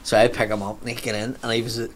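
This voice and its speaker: A man's voice: medium pitch, very fast, slight background noise. A man telling a rowdy anecdote in casual chat, swearing often and acting out other people's voices. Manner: sweary, animated, acts out voices. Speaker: storyteller.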